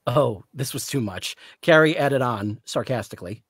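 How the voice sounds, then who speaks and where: Guy reading out a novel's narration, steady storyteller, dry close sound. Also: mid-range voice, normal speed, slightly rough, dry recording. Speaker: author reading.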